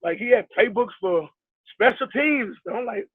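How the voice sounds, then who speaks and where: A man's voice: high-pitched, expressive, moderate pace, slightly rough, no room sound. A middle-aged man from New York, a basketball coach telling his story in a casual interview, rambling and acting out the people he quotes, with lots of fillers. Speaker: basketball head coach, guest. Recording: tinny dry phone-like line.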